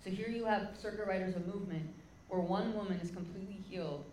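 A woman's voice: mid-range voice, fast talker, darkish tone, roomy sound, slight background noise, low-quality recording. A woman preaching a sermon, telling an emotional testimony story and calling out to the crowd as "guys".

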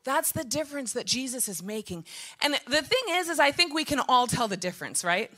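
A woman pastor preaching a sermon, animated and laughing at times, building to shouted passages. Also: high-pitched, brisk.

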